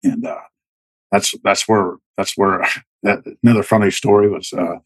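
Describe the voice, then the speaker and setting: A man in his fifties, a retired soldier, telling war stories casually in a halting way, with many restarts. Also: fairly low pitch, fairly even intonation, no echo, rough recording. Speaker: guest, retired Army Green Beret. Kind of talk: casual storytelling.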